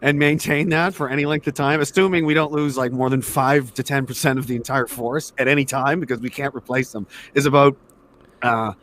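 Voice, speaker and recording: A man's voice: mid-range voice, fairly even intonation, a little fast, a bit bright, slight background noise. A man from Canada, an army veteran, telling war stories in casual conversation with lots of swearing and rambling restarts. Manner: profane, rambling storyteller.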